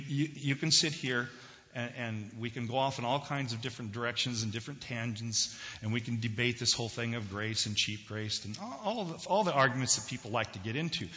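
A male pastor delivers a sermon in a bright, forceful voice and keeps quizzing his congregation. The recording is dull and lo-fi, with a long church reverb around him. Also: medium pitch. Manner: conversational, questions the congregation. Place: church sanctuary.

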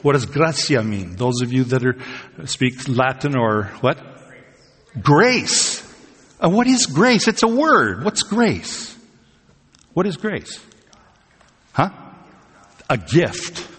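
A man's voice: medium pitch, very animated, slow pace, pauses often, fairly bright tone. A man preaching a sermon to a congregation in a conversational way, often asking them questions. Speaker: pastor. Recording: husky voice in a long-reverb hall.

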